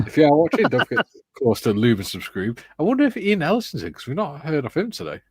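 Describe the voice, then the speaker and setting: A husky man with a phlegmy chest from a recent flu reads viewer comments aloud on a livestream. His voice rises and falls a lot as he chats and laughs. The sound is dry and close. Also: fairly high pitch, wildly swooping pitch, fast, dry recording. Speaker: co-host reading viewer chat. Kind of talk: casual chat on a livestream.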